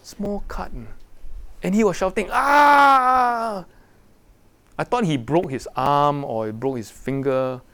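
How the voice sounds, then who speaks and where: A man preaching a sermon to young people, animated and full of rhetorical questions. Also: mid-range voice, normal speed. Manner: animated, rhetorical questions, acts out quoted voices.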